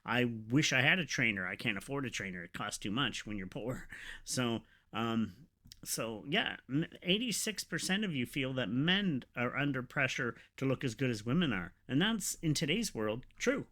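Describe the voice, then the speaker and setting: A man hosting a podcast, talking in a rambling, emotional, halting way with many fillers. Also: mid-range voice, sing-song, bright, forceful tone. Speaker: podcast host. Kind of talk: casual confessional podcast talk.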